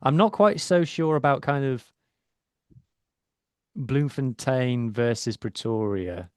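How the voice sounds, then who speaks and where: A man's voice: medium pitch, slow pace, smooth, no echo, studio quality. A man co-hosting a podcast in playful, casual chat, laughing often. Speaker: podcast co-host.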